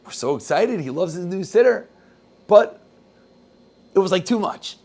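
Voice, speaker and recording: A man's voice: sits high, unhurried, gravelly, pauses often, husky. A man giving a sermon as a rabbi, telling a story and quoting its people with rising intensity. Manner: animated storyteller, voices quotes with rising intensity.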